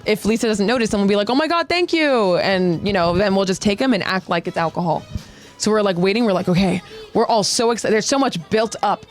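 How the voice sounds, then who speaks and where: Woman co-host, lively casual storyteller who swears and plays out the quotes; soft music under her. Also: mid-range voice, fast talker. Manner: animated, swears freely, acts out quotes. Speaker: podcast co-host.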